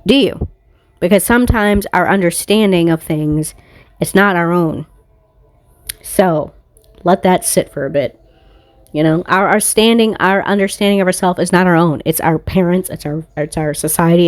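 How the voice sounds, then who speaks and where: A woman's voice: lowish voice, moderate pace, no room sound. Blunt, profane woman reading tarot. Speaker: tarot reader. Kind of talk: casual tarot reading monologue. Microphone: phone.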